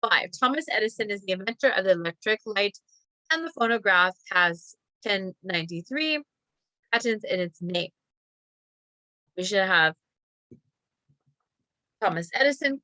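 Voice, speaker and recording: A woman's voice: mid-range voice, animated, a little slow, long pauses, sharp tone, no echo. A woman teacher reading practice sentences aloud and calling out each comma, with chatty asides. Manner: chatty asides about a company.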